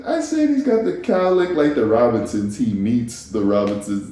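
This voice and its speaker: A man's voice: medium pitch, very animated, normal speed, dark tone, slight background noise. A man hosting a solo podcast, musing casually and rambling, stopping and restarting and laughing at himself. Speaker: podcast host. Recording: echoey room.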